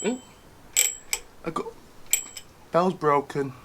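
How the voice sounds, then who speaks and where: A British man talks through a casual how-to vlog, chatty and wry, tossing in jokey asides. His voice sits a little on the high side. A faint hum of ambient noise runs underneath. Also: animated, takes it slowly. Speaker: bike reviewer.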